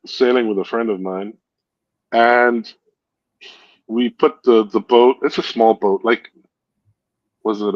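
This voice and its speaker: A stream host with a mid-range voice chats casually, spinning long, rambling stories, correcting himself and laughing at his own jokes. The recording has no echo but sounds dull and lo-fi.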